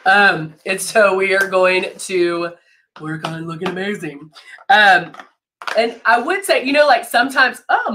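A woman's voice: lowish voice, slow pace, pushed and bright. A woman with a stuffed-up nose from a cold, hosting a live makeup tutorial in a chatty way, greeting viewers by name and laughing often. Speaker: brand educator hosting a live makeup demo.

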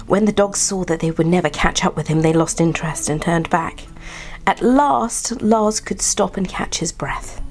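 A woman reading a children's bedtime story aloud in a soft, partly whispered voice. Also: lowish voice, moderate pace.

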